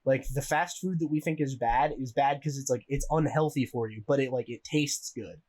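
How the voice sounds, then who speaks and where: A young American man co-hosting a podcast tells a rambling story packed with swearing and laughter in a casual chat. His mid-range voice is slightly mellow and a bit rough, moving at a moderate pace.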